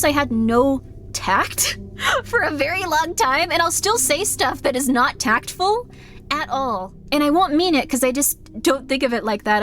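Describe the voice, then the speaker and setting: A young woman streamer with a fairly high voice rambles candidly through her thoughts on a live game stream. She apologizes often and scatters "like" through nearly every sentence. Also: a little hiss or hum. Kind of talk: casual live-stream chat.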